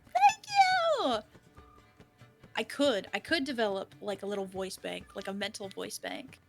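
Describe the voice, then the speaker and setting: A woman's voice: medium pitch, big pitch swings, measured pace, gravelly, loud music behind the voice. A woman guesting on a livestreamed talk show, chatting casually, with hesitant restarts and fillers. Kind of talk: casual chat.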